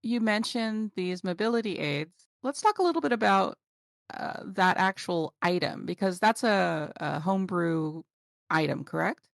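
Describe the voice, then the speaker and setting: Woman podcast host asking short questions, gravelly fry, dry close sound. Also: fairly low pitch, lively intonation, a little slow, no echo. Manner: brief, prompting questions. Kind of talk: interviewing.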